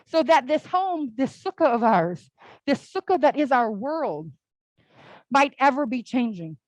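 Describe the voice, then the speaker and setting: A young woman speaks to a congregation in a relaxed, conversational sermon, sprinkling her talk with casual fillers. Her voice sits somewhat high and moves through a very animated pitch range. The tone stays personal and storytelling rather than formal. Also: unhurried, no echo, low-quality recording. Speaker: speaker at a church service. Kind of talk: conversational all-ages sermon.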